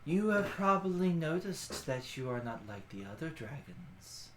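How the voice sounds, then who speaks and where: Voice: mid-range voice, big pitch swings, slight background noise. A game master voicing an ancient dragon brood mother. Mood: solemn. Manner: slow, hushed, deliberate speech. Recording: echoey room.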